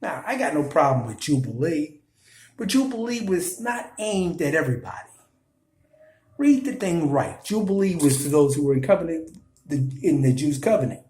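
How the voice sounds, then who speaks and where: A man's voice: a little high, lively intonation, a little fast, darkish tone, roomy sound, poor audio. A man with a New York Italian accent, ranting to viewers in blunt, scolding commentary. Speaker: video commentator.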